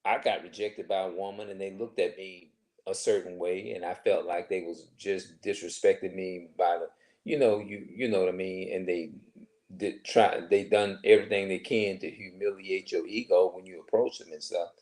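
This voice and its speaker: A man in his forties talking to camera in a rambling personal monologue, halting and restarting often. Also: sits low, steady tone, darkish tone. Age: 40s. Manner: halting, many restarts and filler phrases. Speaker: vlogger.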